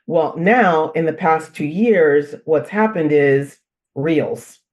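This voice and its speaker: A woman as the expert guest on a parenting interview, telling animated stories, repeating phrases for emphasis and laughing as she talks. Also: low voice, takes it slowly, muffled recording. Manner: laughs while talking. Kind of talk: conversational interview.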